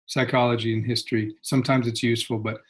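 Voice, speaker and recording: Husky-voiced man explaining spiritual ideas. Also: mid-range voice, fast talker. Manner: animated, laughs often, acts out voices. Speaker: guest, spiritual teacher. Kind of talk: reflective conversational explanation.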